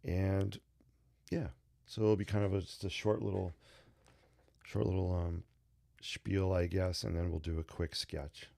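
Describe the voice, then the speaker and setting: A man's voice: deep voice, level tone, unhurried, gravelly, pauses often, mellow. A man hosting a casual sketching livestream from his desk, talking loosely and unrehearsed to viewers, tired and stuffy from a sinus cold. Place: home desk. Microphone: desk microphone.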